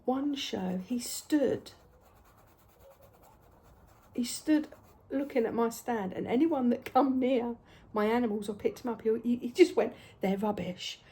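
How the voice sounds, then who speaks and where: Husky, mellow woman chatting. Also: a little high, measured pace, pauses often. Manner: chatty, anecdotal, sometimes drops to a whisper. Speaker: crafter. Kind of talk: casual storytelling while painting.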